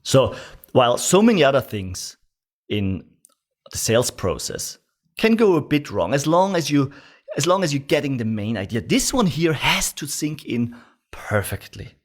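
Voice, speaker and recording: A man's voice: medium pitch, normal speed. A man teaching an online sales course, coaching the viewer directly and acting out the tone of lines he wants them to say. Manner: animated coaching, demonstrating tonality in quoted lines; addresses viewer directly with instructions. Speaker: sales trainer.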